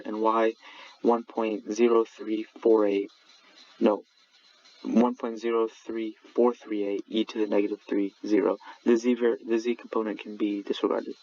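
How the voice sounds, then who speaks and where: A man's voice: fairly low pitch, darkish tone. A young man, a student, walks through his lab report in a recorded slide presentation, often restarting words and correcting himself. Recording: dull lo-fi audio with faint background noise.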